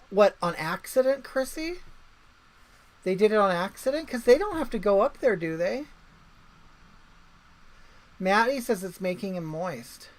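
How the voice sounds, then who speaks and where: A woman's voice: mid-range voice, poor audio. A woman hosting a livestream in casual chat, rambling along and reading viewer comments aloud. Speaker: livestream host.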